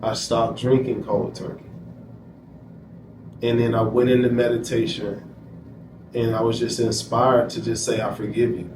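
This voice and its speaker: A man's voice: medium pitch, little pitch movement, measured pace, long pauses. Distant, echoey man telling his story. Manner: emphatic, repeats phrases, quotes himself. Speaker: interview guest. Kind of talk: candid personal storytelling. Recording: echoey room, distant mic, noisy.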